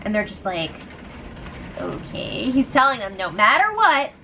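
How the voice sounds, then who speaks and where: A young woman casually recapping a reality show, gossipy and animated, acting out what people said. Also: fairly high pitch, a little fast, a little hiss or hum, low-quality recording. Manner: gossipy, animated, retells quotes.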